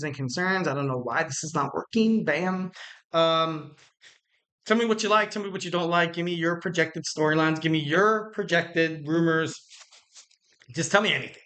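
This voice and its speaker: A man hosting a wrestling podcast alone, rambling casually with jokes, fillers and quick self-corrections. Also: fairly high pitch, sharp tone. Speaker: podcast host.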